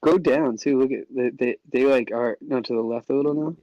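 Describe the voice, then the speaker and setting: In a warm, mid-range voice, a podcast guest keeps the casual chat loose, laughing a lot, cursing freely and stumbling through restarts. It's a dry, lo-fi recording.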